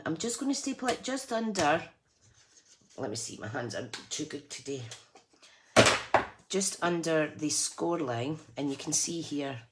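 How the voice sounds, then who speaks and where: Chatty low-voiced woman crafting. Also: slight background noise. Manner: chatty, self-deprecating, laughs often. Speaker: craft channel host. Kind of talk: live crafting tutorial chat.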